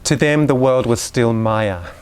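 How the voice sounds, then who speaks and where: This Waldorf education speaker has a smooth, mid-range, darkish voice and takes his time. He addresses an audience of parents informally, using examples and side remarks to get his ideas across.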